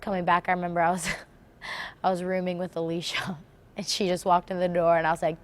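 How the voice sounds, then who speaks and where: A woman's voice: fairly low pitch, normal speed. A woman recounting a hard memory in a documentary interview, acting out what people said and laughing through the emotion. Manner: animated, acts out remembered dialogue, laughs through emotion. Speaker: former gymnast interviewee. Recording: music bed underneath. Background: music.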